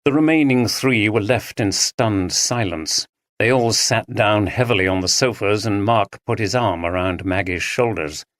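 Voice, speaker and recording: A narrator reading a drama audiobook in an even, measured way, close to the mic. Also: mid-range voice, dry recording.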